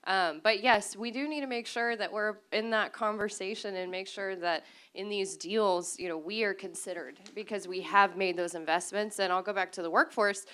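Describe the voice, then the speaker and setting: A woman speaks as a state legislator on a policy panel. Her voice is smooth and clear at a middle pitch. She answers in an upbeat, chatty way with plenty of fillers. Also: fairly even intonation, moderate pace, few pauses, sharp tone. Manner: upbeat, conversational, many fillers.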